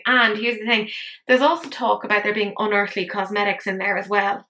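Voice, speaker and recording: Woman, makeup commentary host, bright tense voice, exasperated, swearing, echoey room. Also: mid-range voice, level tone, brisk. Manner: swearing, exasperated, self-mocking. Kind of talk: casual ranting commentary.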